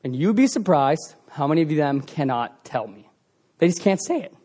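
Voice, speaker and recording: A young adult man, a pastor, preaching a sermon in a casual, animated way and acting out quoted voices. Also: a little high, moderate pace.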